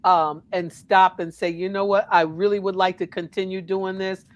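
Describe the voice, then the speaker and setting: A woman from Connecticut, a minister, giving earnest counsel in a calm, preacherly way on a talk show. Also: mid-range voice, moderate pace, highs cut off. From Connecticut, USA.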